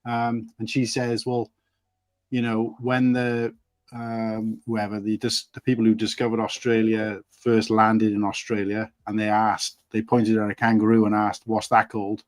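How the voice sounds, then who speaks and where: A man's voice: fairly low pitch, completely flat delivery, unhurried, dry recording. A man hosting a casual community stream, chatty and rambling through anecdotes. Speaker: stream host.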